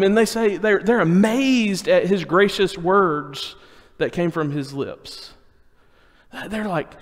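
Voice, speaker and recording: High-voiced preacher in a reverberant church. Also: male voice. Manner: conversational, with restarts and dramatic drops to a hushed voice. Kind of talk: sermon. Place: church sanctuary. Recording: church hall with long reverb.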